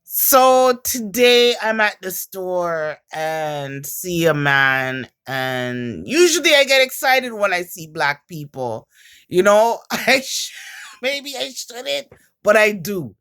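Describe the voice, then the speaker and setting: A woman's voice: lowish voice, big pitch swings, slow pace, a bit bright, clear, resonant tone. A woman with a Jamaican accent chatting casually to her camera, a rambling storyteller who swears often. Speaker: vlogger.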